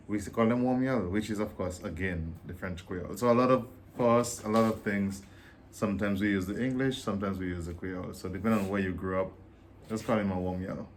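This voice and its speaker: A man with a Dominican accent, chatting casually as a guest, explaining at length and getting animated as he talks. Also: normal speed, a little hiss or hum. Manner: animated, explains at length, jumps high when he gets excited. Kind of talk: casual chat comparing dialects.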